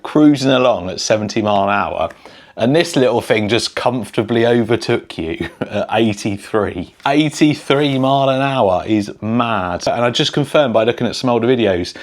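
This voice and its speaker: Chatty man recapping. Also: mid-range voice. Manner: chatty, enthusiastic. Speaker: RC car vlogger. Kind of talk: casual vlog recap to camera.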